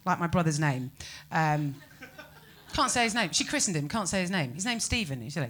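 Animated British woman doing stand-up. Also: lowish voice, normal speed. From Britain. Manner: animated, incredulous, rants with rising exclamations. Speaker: stand-up comedian. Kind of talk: stand-up comedy set.

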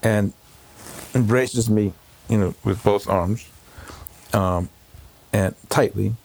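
A man, a rabbi, recalling a painful day in an emotional interview, talking in halting bursts with many fillers and restarts. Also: lowish voice, creaky, darkish tone. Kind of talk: emotional personal recollection. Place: home.

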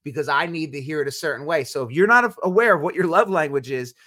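A man's voice: fairly high pitch, fast talker, sharp tone. A man co-hosting a podcast with his wife, talking earnestly and instructively in a casual chat about marriage and faith. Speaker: podcast co-host.

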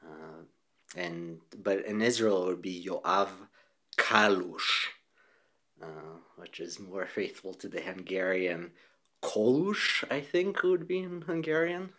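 Male researcher, low voice, considered answers, light laughs, easygoing restarts. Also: animated, unhurried. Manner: thoughtful, with small laughs and restarts. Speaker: physicist and researcher. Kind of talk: conversational interview answers.

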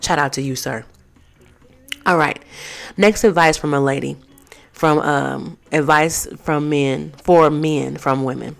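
A woman with a low voice hosts a casual vlog. She reads out advice and reacts with blunt, profane candor. She trails off into plenty of fillers as she goes. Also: steady tone, slow, vocal fry. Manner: candid and profane, with frequent fillers. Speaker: vlog host. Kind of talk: casual chat, reading out viewer advice.

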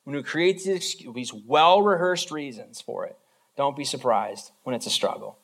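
A man's voice: medium pitch, creaky, a bit bright. A man, a pastor, giving an informal, conversational sermon built on everyday examples. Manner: informal, talks through everyday examples, acts out quick voices.

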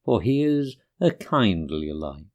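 Wise old owl, kindly, calm, reassuring, voiced by a man, storybook. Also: on the low side, slow pace, lo-fi sound, exaggerated voice.

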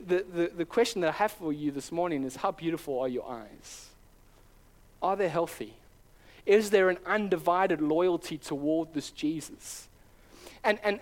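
A man with a slightly higher voice delivers a sermon to his congregation. He preaches earnestly and conversationally, circling back and restarting phrases as he builds his points. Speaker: pastor.

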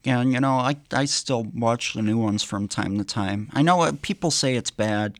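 A man's voice: medium pitch, no room sound. A man co-hosting a radio show, chatting casually and hesitantly with restarts. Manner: hesitant, many restarts and pauses. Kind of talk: casual chat. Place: radio studio.

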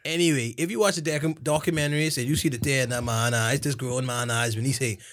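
A man's voice: medium pitch, fairly even intonation, fast, fairly bright tone. A man hosting a podcast, laid-back and steering the conversation. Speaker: podcast host. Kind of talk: casual podcast banter.

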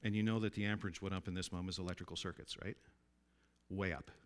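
A man preaching a sermon in a conversational way, often asking his listeners to agree and dropping his voice low and soft for emphasis. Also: steady tone, fast talker. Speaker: pastor.

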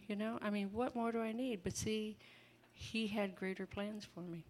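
A woman's voice: mid-range voice, steady tone, moderate pace, a little mellow, slight background noise. A woman preaching an informal sermon in a chatty, folksy way, laughing often and breaking into asides.

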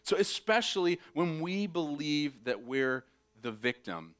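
A middle-aged man preaching a sermon, telling a childhood story and acting out his younger self in shrill, excited bursts. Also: a little slow, clean tone. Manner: animated storyteller, acts out shrieking child voices. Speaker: pastor.

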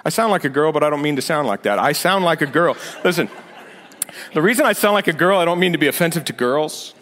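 A man's voice: on the high side, expressive, quick pace, a bit bright, a little hiss or hum. A male senior pastor giving a conversational sermon with sarcastic asides, building to emphatic points. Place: church sanctuary. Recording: long reverb of a big hall.

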